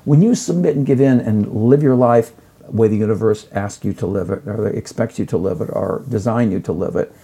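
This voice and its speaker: Gravelly, effusive middle-aged man. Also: on the low side, fairly quick. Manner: effusive, animated storytelling. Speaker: guest, chef and lecturer. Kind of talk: casual conversation.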